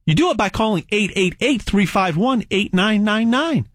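A man giving an emphatic sales pitch, hammering points by repeating words and dropping folksy asides. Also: animated, moderate pace, fairly bright tone, dry recording, studio quality. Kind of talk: direct-to-camera sales pitch.

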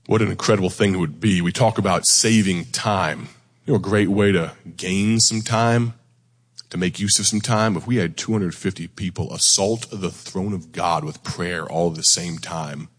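Deep-voiced hoarse male preacher. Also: long reverb tail. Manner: folksy, conversational, self-deprecating. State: hoarse, near losing his voice. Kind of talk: sermon. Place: church sanctuary before a congregation.

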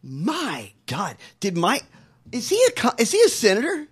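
A man's voice: very high-pitched, wildly swooping pitch, moderate pace, a bit bright, slightly rough. A man co-hosting a political talk show, ranting in disbelief, swearing heavily and laughing. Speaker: co-host. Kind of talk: profane political commentary.

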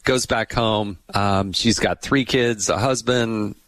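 Casting: middle-aged man, podcast host, somewhat low voice, dry close sound, chatty storyteller. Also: slow, dry recording. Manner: chatty, tells funny anecdotes with animated quoted voices. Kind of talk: casual political podcast chat.

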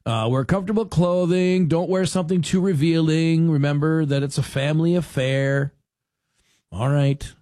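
A man's voice: fairly high pitch, moderate pace, no echo, clean studio sound. A man hosting a talk show, chatting casually and rambling a bit as he tells stories and acts out what people say. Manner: animated storyteller who acts out quotes; rambling with restarts.

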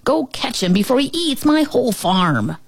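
A woman's voice: a little high, sing-song, normal speed, husky, pitched above the performer's own voice, heavily acted. A woman doing a worried farmer. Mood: urgent.

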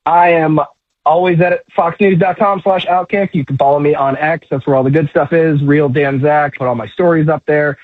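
A man's voice: fairly high pitch, steady tone, normal speed, slightly rough, no room sound. A man calling in as a guest commentator, talking emphatically and sarcastically in a fired-up opinion rant. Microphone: phone line. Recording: tinny phone line, dry.

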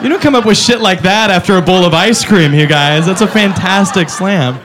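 A man's voice: high-pitched, moderate pace. A man doing a stand-up comedy set on a club stage, profane and mock-outraged. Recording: live club recording with crowd noise.

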